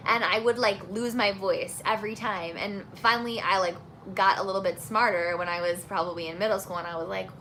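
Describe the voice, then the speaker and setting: A woman's voice: medium pitch, fairly even intonation, a little fast, hardly any pauses, bright, forceful tone, slight background noise. A young woman singing teacher chatting casually while answering viewer questions, friendly and full of fillers. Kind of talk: casual live Q&A chat.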